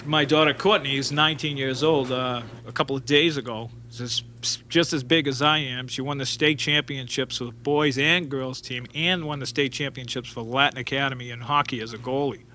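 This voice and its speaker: Man in his forties, tense bright voice, rambling interview stories, faint room ambience. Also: mid-range voice, moderate pace, hardly any pauses, a little hiss or hum. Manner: rambling and animated, with frequent restarts and acted-out quotes. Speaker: interview guest. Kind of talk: storytelling interview.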